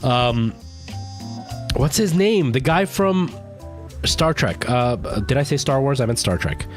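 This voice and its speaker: A man's voice: mid-range voice, expressive, takes it slowly, music in the background. A young man streaming a game, chatting casually and rambling as he plays. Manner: chatty, rambling, self-correcting. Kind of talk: casual gameplay commentary.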